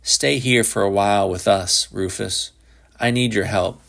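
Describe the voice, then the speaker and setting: A lower-pitched, earnest grown man who lectures with insistent, slightly preachy conviction, as a male reader puts him on. He is a self-righteous do-gooder father in a storybook reading. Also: measured pace, gravelly, a bit bright. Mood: pleading.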